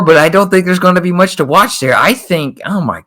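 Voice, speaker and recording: A man co-hosting a racing talk show, chatting casually and reacting with quick exclamations. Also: high-pitched, lively intonation, fairly bright tone. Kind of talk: casual chat.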